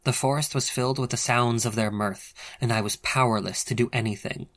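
A man narrating an audiobook with playful, theatrical flair, at an ordinary pitch. He leans into the drama of each scene as he reads. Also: fairly even intonation, fairly quick, fairly bright tone. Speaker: audiobook reader.

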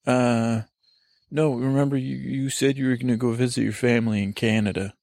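A man hosting a comedy podcast outdoors by a lake, joking and rambling in an excitable put-on voice. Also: medium pitch, brisk, creaky, no room sound. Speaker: podcast host.

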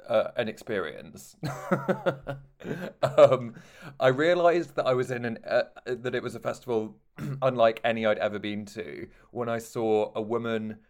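A man's voice: medium pitch, measured pace, darkish tone. A man with a Sussex accent, co-hosting a podcast and chatting casually about a TV episode, laughing often and filling gaps with "like". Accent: Sussex English. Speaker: podcast co-host. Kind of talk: casual chat reviewing a TV episode.

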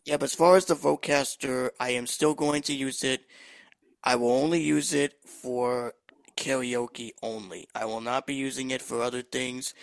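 A man's voice: medium pitch, vocal fry, dry recording, rough recording. A man hosting a podcast, chatting casually and enthusiastically, in a loose, rambling way. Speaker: podcast host. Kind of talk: casual chat.

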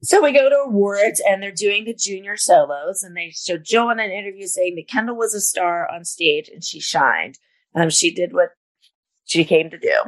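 A woman's voice: mid-range voice, normal speed. A middle-aged woman co-hosting a podcast, recapping episodes step by step in a casual chat with frequent "you know" fillers. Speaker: podcast co-host.

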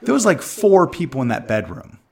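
A man's voice: fairly high pitch, huge pitch swings, moderate pace, vocal fry, husky. A man co-hosting a casual chat and plainly retelling a story.

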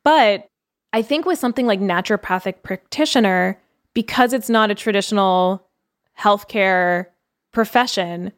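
A young woman co-hosting a chatty podcast. She talks quickly and with a lot of life in her voice, and she often breaks off to read quotes aloud before reacting to them. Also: medium pitch, clean tone. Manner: animated, fast-talking, reads quotes aloud. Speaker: podcast co-host. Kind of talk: casual podcast chat.

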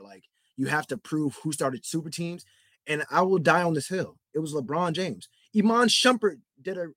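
A young man hosts a solo sports podcast in a slightly bright, higher-leaning voice with no echo. He rambles and grows heated, repeating himself and saying "like" and "bro" constantly in his rant.

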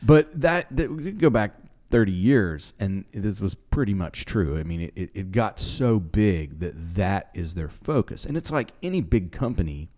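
A male podcast co-host with a very deep, mellow voice. He talks in relaxed, casual chat and drops dry, self-deprecating comments. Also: normal speed, hardly any pauses.

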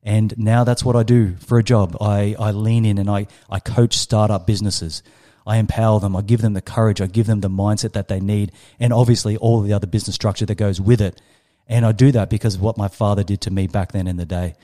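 A man's voice: lowish voice, steady tone, brisk, mellow. A man in his thirties with an Australian accent, a guest on a podcast interview, telling a personal story with emphatic, dramatic pacing. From Western Australia. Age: 30s. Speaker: guest, startup coach.

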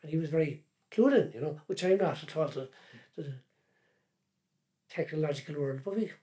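A man's voice: fairly high pitch, brisk, dark tone. An older man from Cork with a Cork Irish accent, a folk singer and columnist chatting in an interview, rambling and restarting his words often. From Cork, Ireland. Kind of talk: casual interview chat.

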